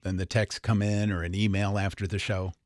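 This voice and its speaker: A man's voice: on the low side, little pitch movement, brisk, no echo, clean studio sound. A man co-hosting a morning radio show, backing up the host in casual chat. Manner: backs the host with short agreements and laughs. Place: radio studio.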